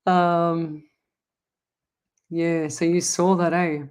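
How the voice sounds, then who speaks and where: A woman's voice: fairly low pitch, flat delivery, slow, long pauses, a little mellow. An Australian woman hosting a live psychic stream, chatting to viewers in a rambling, affectionate way. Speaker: psychic medium host. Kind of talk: casual live-stream chat.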